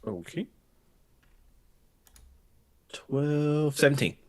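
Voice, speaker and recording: A man's voice: on the high side, animated, extremely slow. A man playing a tabletop game, talking through his moves hesitantly, thinking aloud. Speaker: player.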